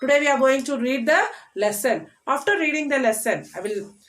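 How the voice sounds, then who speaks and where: A woman teacher with an Indian English accent, giving a recorded online class to children, repeating words slowly and emphatically and often checking in with "yes, children". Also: high voice, animated, fairly bright tone, faint music behind.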